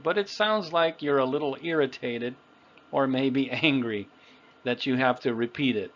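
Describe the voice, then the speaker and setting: A man's voice: mid-range voice, highs cut off. A man teaching English pronunciation, patiently and carefully spelling out example phrases for the listener to repeat. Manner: patient, over-enunciates example phrases for repetition. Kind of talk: slow, deliberate pronunciation lesson.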